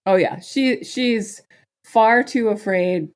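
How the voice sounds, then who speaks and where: A woman's voice: medium pitch, slow. A woman co-hosting a podcast, chatting casually, teasing and asking questions, on a tiny clip mic while traveling. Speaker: podcast co-host. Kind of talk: casual chat. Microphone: tiny mic clipped to a cup.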